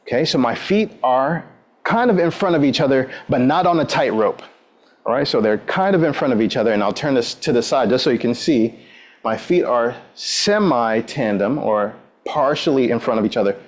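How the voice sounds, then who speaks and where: A man leads a workout class at an ordinary middle pitch. He coaches with an upbeat, encouraging manner, counting down moves and cueing each step. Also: expressive, moderate pace. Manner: frequent "all right" between instructions. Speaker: exercise instructor.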